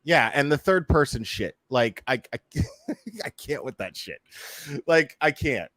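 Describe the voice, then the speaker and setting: A man's voice: mid-range voice, sing-song, a little slow, fairly bright tone, dry recording. A man hosting a casual reaction commentary, swearing freely, laughing and stammering through restarts. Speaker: YouTube commentary host.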